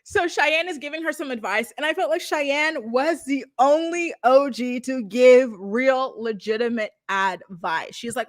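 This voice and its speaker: A woman's voice: sits high, expressive, measured pace, few pauses, no room sound. A young woman chatting to her livestream viewers as she recaps a reality show, giggly and dramatic, talking into a close mic. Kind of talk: casual livestream commentary.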